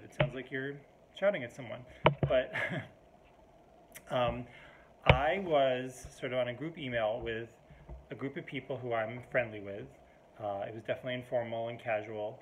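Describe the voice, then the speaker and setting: A man's voice: medium pitch, normal speed, heavy background noise. A man in a casual, rambling to-camera monologue at home, full of fillers and restarts, mildly exasperated. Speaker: vlogger.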